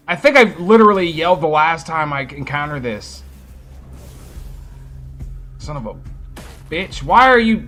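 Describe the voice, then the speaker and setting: Streaming a fantasy role-playing game, a man with a fairly high voice gives live commentary. He's casual and excitable, reacting to the action and swearing freely.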